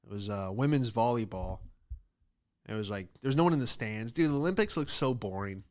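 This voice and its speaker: A young American man hosting a podcast, telling rambling comedic stories and acting out the people in them with squeaky high voices. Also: expressive, a little fast. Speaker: podcast host. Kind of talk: casual comedic monologue.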